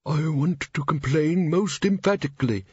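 A man doing a shrill, indignant dust vampire. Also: normal speed, a little mellow, slightly rough, dry recording, muffled recording. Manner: complaining, fussy, shrill.

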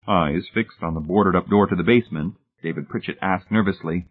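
A man reading a story as narrator in a steady, even way. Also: low voice, fairly quick, few pauses. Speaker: audiobook narrator. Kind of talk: scripted narration. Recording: tinny phone-like sound.

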